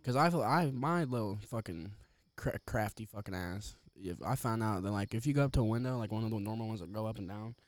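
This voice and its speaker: A man's voice: on the low side, fast, few pauses, dry recording. A young man co-hosting a podcast, telling rambling, profane stories in casual chat. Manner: rambling, heavy profanity, animated storytelling. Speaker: podcast co-host.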